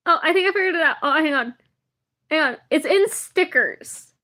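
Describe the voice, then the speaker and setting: A woman's voice: high voice, animated, normal speed, bright, forceful tone. A young woman streaming live, chatting casually and rambling, often laughing. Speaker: livestreamer. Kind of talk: casual livestream chat.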